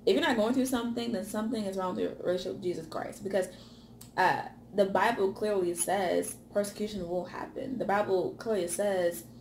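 A woman giving a motivational sermon, stacking repeated phrases for emphasis and dropping to a hush on key words. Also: medium pitch, steady tone, a little fast, echoey room, slight background noise. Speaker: ministry speaker.

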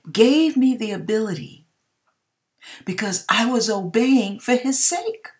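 A woman giving a personal faith testimony, telling her story in an emphatic, expressive way with churchy exclamations. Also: fairly high pitch, unhurried. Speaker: hairdresser sharing a personal testimony.

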